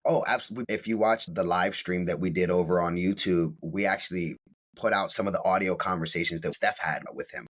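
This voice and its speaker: A man's voice: sits low, fairly quick, a bit bright. A man speaking as a podcast guest, telling a story bluntly and emphatically, with plenty of swearing. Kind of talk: casual storytelling.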